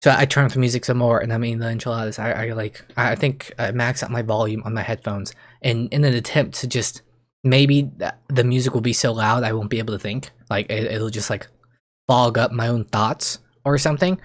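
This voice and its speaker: A young man talks straight to camera in a loose, rambling vlog voice at a middling pitch. He stumbles over and restarts his sentences, then jumps up in pitch whenever his excitement builds. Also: brisk. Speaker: streamer and YouTuber. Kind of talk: casual vlog monologue.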